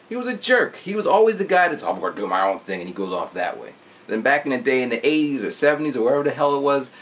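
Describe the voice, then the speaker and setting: Man, 40s, casual chat, lively pitch, sound effects, swearing. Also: creaky, a little hiss or hum. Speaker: vlogger reviewing a movie.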